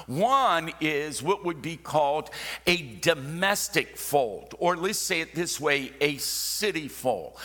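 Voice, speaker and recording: A man preaching a sermon, telling stories with jokey asides and dropping suddenly from loud to hushed. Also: a little high. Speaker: pastor. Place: church sanctuary. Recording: long hall reverb.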